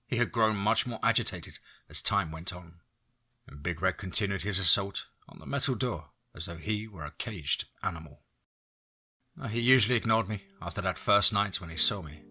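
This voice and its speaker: A man reading a first-person horror story aloud as narrator in a steady storytelling voice. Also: lowish voice, breathy edge.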